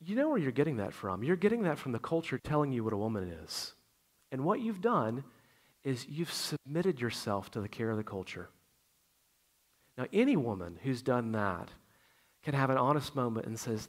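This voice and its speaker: A middle-aged man preaching a sermon in a conversational way, swinging between loud emphasis and quiet asides. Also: medium pitch, very animated, moderate pace. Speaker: pastor.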